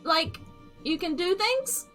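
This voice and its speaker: A woman's voice: lively intonation, slow, a bit bright, faint music behind, heavily acted. A woman voicing a frantic, dramatic female gnome who talks in a flustered, theatrical way. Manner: high-pitched, flustered, theatrical.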